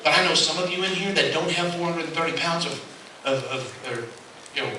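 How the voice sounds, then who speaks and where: A man's voice: fairly high pitch, a little fast. Earnest man speaking in an echoey hall. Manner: earnest, repeats key phrases, joking anecdotes. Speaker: motivational speaker. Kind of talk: inspirational speech to an audience. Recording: echoey hall from far off, noisy.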